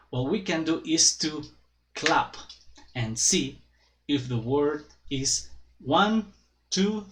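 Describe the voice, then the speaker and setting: Man teaching English grammar slowly. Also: fairly high pitch, low-quality recording. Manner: careful, deliberate, spells out examples. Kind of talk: slow explanatory grammar lesson.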